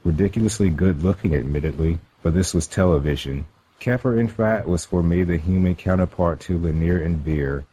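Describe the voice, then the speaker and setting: A man co-hosting a podcast, reading listener feedback aloud in a measured, dry way. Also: low-pitched, warm tone, breathy edge, low-quality recording. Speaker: podcast co-host.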